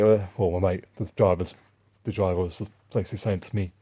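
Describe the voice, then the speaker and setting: Un hombre con acento inglés que cuenta historias en un vlog, de forma dispersa y con tono de agravio. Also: male voice, low-pitched, little pitch movement, brisk, dark tone, breathy edge. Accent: English. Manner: rambling, aggrieved, restarts often. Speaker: vlogger. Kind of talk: casual spoken monologue, storytelling.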